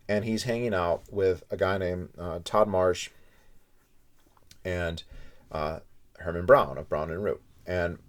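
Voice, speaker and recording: Low-voiced man chatting through a book review. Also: darkish tone. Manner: chatty storyteller, retelling anecdotes with asides.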